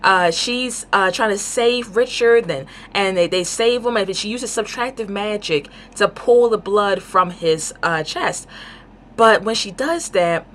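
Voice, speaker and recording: A woman giving a casual book review, talking in an excited, rambling way with lots of fillers. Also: mid-range voice, unhurried, slight background noise.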